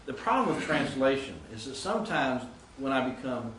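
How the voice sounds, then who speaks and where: A man's voice: mid-range voice, big pitch swings, moderate pace, a bit bright, reverberant, a little hiss or hum, rough recording. A man teaching Greek grammar in a classroom lecture, explaining and reciting word forms.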